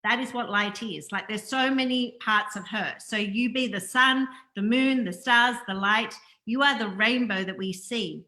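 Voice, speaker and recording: A woman's voice: fairly high pitch, a little slow, hardly any pauses, sharp tone. A woman hosting a spiritual interview, who speaks in an earnest, affirming way and repeats her phrases. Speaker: host. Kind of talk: spiritual interview, scripted intro.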